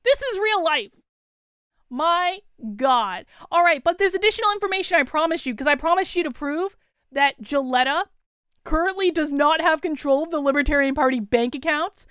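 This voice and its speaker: High-voiced indignant woman vlogger. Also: expressive, normal speed, a bit bright, no echo, clean studio sound. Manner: emphatic, incredulous, indignant outbursts. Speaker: political commentary vlogger. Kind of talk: breaking-news commentary vlog.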